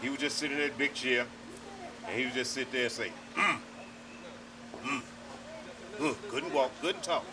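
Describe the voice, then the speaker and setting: A man's voice: mid-range voice, fast. A man telling a funny family story about a child who would not walk, laughing along the way. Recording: distant mic with a crowd behind.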